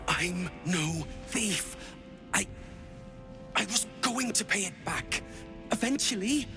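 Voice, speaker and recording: A man's voice: high voice, lively intonation, slow pace. An actor playing a frightened young male soldier deserter who pleads and stammers nervously, in game dialogue. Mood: fearful. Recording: game audio with music behind.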